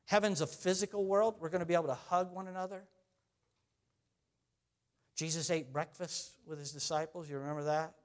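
A middle-aged male pastor preaching a sermon in an easy, conversational way. His voice sits a little high for a man, and he often puts questions to the people listening. He swings from loud, lifted lines to quiet, low ones. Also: fairly even intonation, fairly quick, pauses often.

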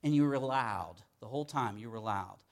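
This middle-aged Pittsburgh pastor talks at medium pitch and a moderate pace. He preaches in a chatty, conversational style with a Pittsburgh accent, frequently checking in with "okay?".

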